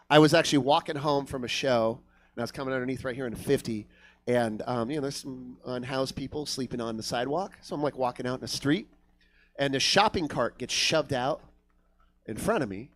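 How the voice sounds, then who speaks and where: A man's voice: mid-range voice, a little fast. A man doing a stand-up comedy set on a club stage, telling stories with lots of swearing and acting out other voices. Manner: swearing, animated storytelling, acts out other voices. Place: comedy club stage before a live audience.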